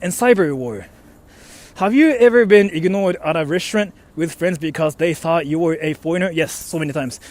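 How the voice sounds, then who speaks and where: An excitable young man chats on a livestream in a fairly high voice. He rambles, tosses in filler words and mild swearing, and keeps it loose and animated. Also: moderate pace. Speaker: livestream host reading donations. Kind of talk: casual livestream chat.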